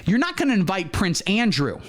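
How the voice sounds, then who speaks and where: A crude older politician texts his buddy, as a man reads the part aloud in a flat, offhand tone. The voice rides a little high and swings around in pitch. It's a comedy parody sketch. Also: brisk. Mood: casual. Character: older male politician, casual, crude texter.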